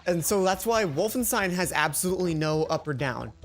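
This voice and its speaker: A man with a slightly higher voice talks through a video game in loose, rambling commentary. He gets excitable as he explains things. Clear game music plays under him the whole time. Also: brisk. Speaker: co-host of a gaming video series. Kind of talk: casual gaming commentary. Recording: game music playing behind.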